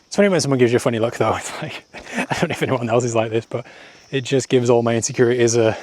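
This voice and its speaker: A man's voice: medium pitch, fast, darkish tone. A man talking to his camera while walking outdoors, self-deprecating and rambling, laughing often and a little out of breath. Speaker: travel vlogger. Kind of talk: casual walking vlog monologue. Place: outdoors on village paths.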